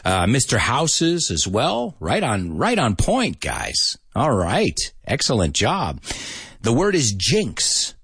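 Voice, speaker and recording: Male live-stream English teacher, husky voice, lively swings in pitch, dry close sound. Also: slow pace, dry recording. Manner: lively, mixes in Spanish, laughs often. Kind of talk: casual live-stream lesson.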